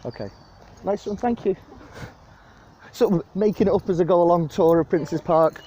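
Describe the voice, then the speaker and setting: A man's voice: high-pitched, normal speed, poor audio. A young man with a Liverpool-area accent, rambling and joking as he films a casual walking tour of a city park on his phone. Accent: Liverpool area (Widnes). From England. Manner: chatty, rambling, jokey and lively. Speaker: vlogger giving a walking tour. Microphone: handheld phone camera. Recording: phone video outdoors with clear wind and park noise.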